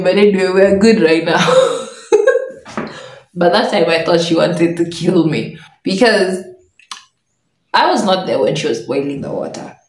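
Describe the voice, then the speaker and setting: A young woman vlogger telling a personal story in an animated way, laughing often as she goes. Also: lowish voice, recorded from a distance. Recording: echoey room.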